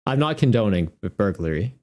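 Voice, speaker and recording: A man's voice: lowish voice, big pitch swings, brisk, a little mellow. A man chatting casually on a live stream as a tournament organizer, laughing often and joking with his viewers.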